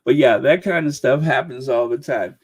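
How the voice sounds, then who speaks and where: A man's voice: mid-range voice, moderate pace, a little mellow, husky. A man in his sixties, hosting a livestream with casual, joking commentary. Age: 60s. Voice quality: chatty, joking, frequent laughs. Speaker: channel host.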